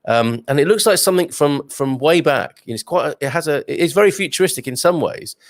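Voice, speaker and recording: A man's voice: fairly high pitch, lively intonation, fairly quick, no room sound, clean studio sound. A man hosting a casual livestream from home, reading out viewer comments in a chatty, jokey way with plenty of ums and uhs. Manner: chatty and jokey, many fillers. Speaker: livestream host. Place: home with a wood stove.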